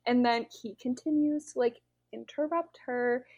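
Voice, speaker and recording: A young woman chatting casually on a podcast, her voice sitting a little high. She tells stories in a loose, animated way, full of "like" and "um". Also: measured pace, muffled recording. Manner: chatty, animated retelling with lots of fillers. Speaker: podcast co-host. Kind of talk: casual chat.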